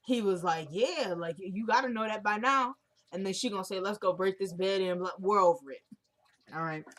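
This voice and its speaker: A woman's voice: mid-range voice, a bit bright, slight background noise. A woman casually recapping a TV drama episode, animatedly retelling and acting out scenes. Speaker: TV recap vlogger.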